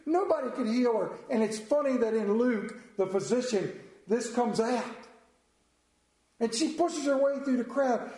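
A middle-aged man preaching a sermon, emotional and intense, moving between loud fervor and hushed reading. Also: very high-pitched, lively intonation, measured pace, roomy sound.

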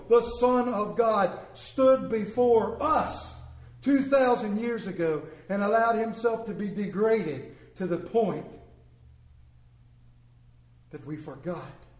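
A man preaching a sermon and reading scripture in an earnest way, slowing down for emphasis. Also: high voice, a little mellow, reverberant, poor audio.

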